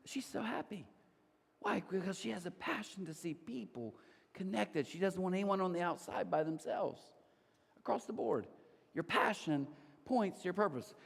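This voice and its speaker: A man preaching a sermon as pastor, animated, with asides to the crowd and put-on high voices for others. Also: big-room sound. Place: church auditorium.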